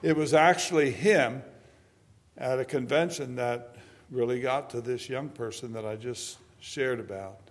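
An older man in his seventies delivers a sermon at a slow, measured pace. He drifts from hushed personal stories to loud, emphatic declarations, and his voice rings with long reverb through a church hall. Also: mid-range voice. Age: 70s. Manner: impassioned, swinging from soft storytelling to loud emphatic preaching. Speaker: preacher.

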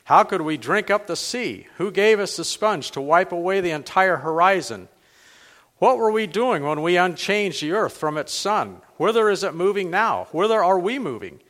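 A man's voice: high voice, expressive, normal speed, fairly bright tone, pitched above the performer's own voice. A man reading aloud the part of a frantic, grieving male madman who cries out urgent questions. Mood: anguished. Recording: long hall reverb.

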